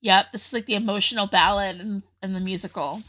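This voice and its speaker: A woman's voice: mid-range voice, steady tone, fast talker, bright, forceful tone. A young woman hosting a casual music reaction video, chatty and openly emotional, often laughing as she talks.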